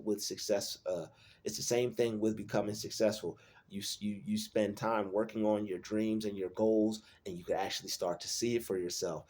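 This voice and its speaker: A man's voice: low voice, a little mellow. A man hosting his own channel, talking alone in an earnest motivational monologue, repeating and restating his points for emphasis.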